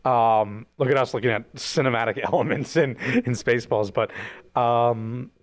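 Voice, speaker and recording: A man's voice: mid-range voice, normal speed. A young man co-hosting a podcast in casual chat, rambling and teasing his co-host.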